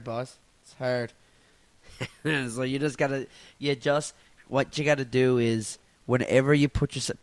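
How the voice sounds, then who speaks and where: A man with a Newfoundland accent rants into his phone from his couch, swearing freely and cracking himself up. His voice sits high and swings widely as he gets worked up. The sound is close and dry, with no room around it. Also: no room sound. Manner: profane, animated, laughs at his own jokes. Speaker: podcast host and stand-up comic. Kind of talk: casual solo rant. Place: at home on a couch.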